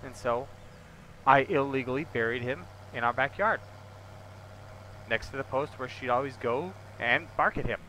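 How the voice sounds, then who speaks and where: A man's voice: mid-range voice, moderate pace, long pauses, pushed and bright, slight background noise. A man chatting casually with his viewers while livestreaming a game, joking and talking to them by name. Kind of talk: casual gameplay livestream chat.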